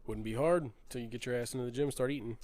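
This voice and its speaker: A man's voice: mid-range voice, very fast, darkish tone. A young man hosting a casual podcast, joking, swearing freely and slipping into mock voices. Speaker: podcast host.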